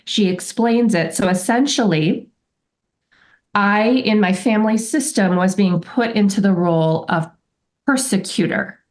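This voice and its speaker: A woman's voice: medium pitch, unhurried, a little mellow. A woman guest on a podcast, telling a personal story in a candid, reflective way and acting out remembered remarks.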